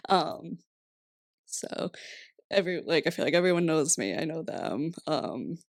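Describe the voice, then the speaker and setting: A woman's voice: low voice, big pitch swings, a little slow, dry recording, clean studio sound. A young woman in her twenties from Rhode Island, chatting casually as a podcast guest, laughing often and saying "like" a lot. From Rhode Island, USA. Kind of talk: casual interview chat.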